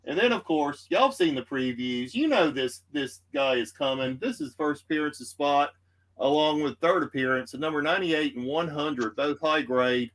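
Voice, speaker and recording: A man's voice: a little high, normal speed, a bit bright. A man with a Southern US accent hosting a live comic book auction, easygoing and rambling with many fillers. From Texas. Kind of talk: live-stream sales patter.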